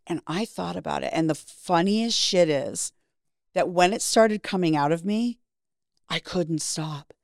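Frank, lowish-voiced middle-aged woman. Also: measured pace, vocal fry, dry recording, studio quality. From Canada. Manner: frank, profane, acts out quoted voices. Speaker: interview guest. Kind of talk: candid storytelling.

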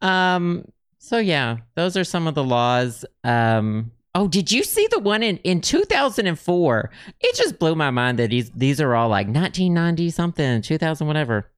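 Chatty male podcast host, crisp voice. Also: a little high, sing-song, normal speed, no echo, clean studio sound. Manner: chatty, rambling, reads facts aloud with many ums. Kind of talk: casual chat.

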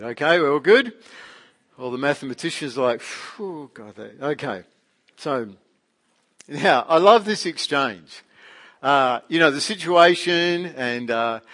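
A man preaching a casual sermon, animated and full of rhetorical questions. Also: a little high. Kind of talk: conversational sermon.

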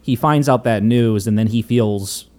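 A man in a casual chat, recapping a film in a halting way with many fillers. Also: medium pitch, darkish tone.

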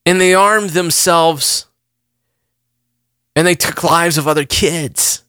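A man's voice: fairly high pitch, slow pace, bright, forceful tone, clean tone, dry recording, studio quality. A pastor in his forties delivering an impassioned sermon, earnest and repeating phrases for emphasis. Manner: earnest, repeats himself, rising emphasis on questions.

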